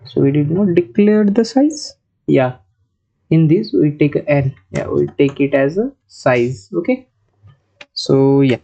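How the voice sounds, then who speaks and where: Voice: mid-range voice, dark tone. A programming tutor, thinking aloud through a coding lesson with many restarts and bits of Hindi. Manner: mixes in Hindi phrases. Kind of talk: screen-recorded coding lesson. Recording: slightly muffled, lo-fi sound.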